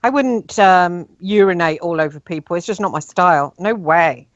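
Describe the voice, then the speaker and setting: A woman's voice: fairly low pitch, moderate pace, no room sound, lo-fi sound. A woman with an English accent hosting a radio show, chatting casually and with some exasperation, with many fillers.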